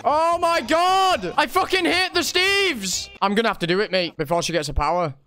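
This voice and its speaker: A young man giving casual gameplay commentary, excitable, laughing, swearing and shouting. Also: very high-pitched, normal speed. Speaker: gaming streamer.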